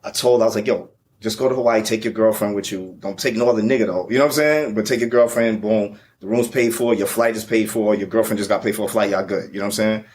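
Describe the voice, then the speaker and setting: A man's voice: lowish voice, steady tone, fast talker, darkish tone, slight background noise. A man, the featured guest, telling a travel story in a casual, profane, slang-heavy way.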